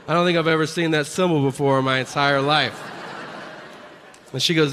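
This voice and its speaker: A man's voice: medium pitch, a little fast. A man in his forties performing a live stand-up set, telling profane stories and acting out the people in them. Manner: profane, animated storytelling with acted-out quotes. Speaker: stand-up comedian. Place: stage before a live audience. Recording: live stage recording with crowd noise.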